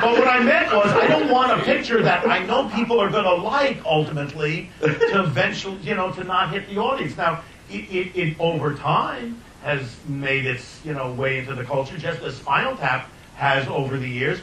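An older man, a filmmaker, telling anecdotes in an animated way, often laughing and restarting his sentences. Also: normal speed, few pauses. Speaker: filmmaker guest. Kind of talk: anecdotal storytelling. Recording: roomy distant mic, faint rumble.

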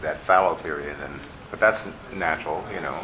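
A man's voice: rumbling low, a little fast. A man in casual conversation as interviewer, musing and hesitant, often trailing off with fillers. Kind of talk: casual film talk. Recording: background noise with dish clatter.

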